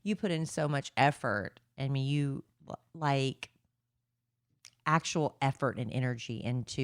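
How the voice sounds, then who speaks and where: A woman's voice: extremely low pitch, a bit bright, no room sound, studio quality. A woman co-hosting a podcast, talking candidly and chattily, a self-deprecating and tired-sounding speaker. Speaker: podcast co-host. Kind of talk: casual chat.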